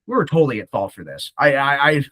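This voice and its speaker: Young man, swearing, lively storyteller, brightish edge, dry room. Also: mid-range voice, quick pace, dry recording. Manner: profane, animated storytelling with quoted voices. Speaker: podcast guest. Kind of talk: casual storytelling.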